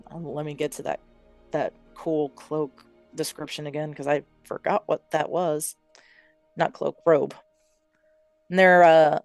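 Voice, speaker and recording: A woman's voice: low-pitched, smooth, no echo. A woman playing a tabletop game, chatty and rambling as she corrects herself while describing her character. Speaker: player.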